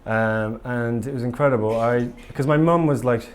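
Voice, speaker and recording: A man speaking at a conference, candid and eager, rambling through his points with many ums. His voice sits at an ordinary middle pitch for a man. The sound is a live talk in a hall. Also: steady tone, moderate pace, hardly any pauses. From England.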